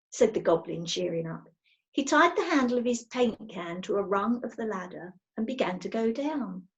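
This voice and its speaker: Expressive woman reading a children's story. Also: medium pitch, moderate pace, muffled recording. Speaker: storybook reader.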